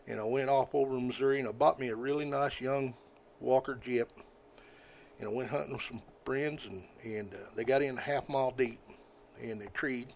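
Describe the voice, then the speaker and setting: An older man, a podcast guest telling stories in a folksy, rambling way, often halting with fillers. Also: medium pitch, a little hiss or hum. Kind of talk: casual storytelling.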